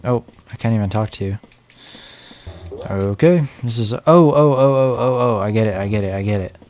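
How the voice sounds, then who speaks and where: A man's voice: on the low side, normal speed, darkish tone. A young man streaming a game, chatting and joking to himself as he plays. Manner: chatty, jokey, talks to himself while playing. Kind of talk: live gameplay commentary. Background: game music.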